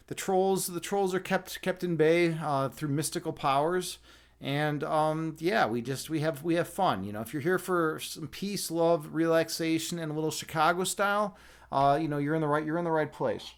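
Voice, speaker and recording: Man, live-stream host, casual chat, rambling and jokey, slightly high voice, home desk mic. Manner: rambling and jokey, with frequent restarts. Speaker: livestream host, chess instructor and meditation guide.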